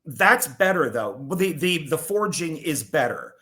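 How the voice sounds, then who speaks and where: A man co-hosting a casual film discussion podcast, talking in rambling runs and acting out characters in quick asides. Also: on the high side, big pitch swings, pushed and bright. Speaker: co-host.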